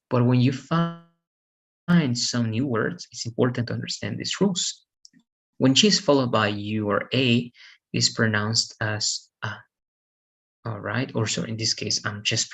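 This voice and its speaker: A man's voice: medium pitch, gravelly, a bit bright, rough recording. A man teaching an English lesson, explaining pronunciation rules patiently and correcting himself as he goes. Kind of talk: online classroom lesson.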